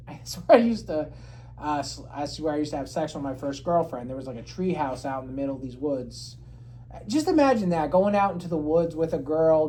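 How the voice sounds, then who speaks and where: Male podcast storyteller, animated and foul-mouthed, with a lively delivery. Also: slight background noise, poor audio. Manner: animated, swears a lot, jumps high when quoting himself. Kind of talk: casual chat, storytelling.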